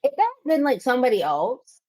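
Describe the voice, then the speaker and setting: A woman's voice: high voice, very animated, fast talker, warm tone, dry recording. A woman co-hosting a podcast in casual chat, easygoing and chatty with lots of fillers, on a close dry mic. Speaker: podcast co-host.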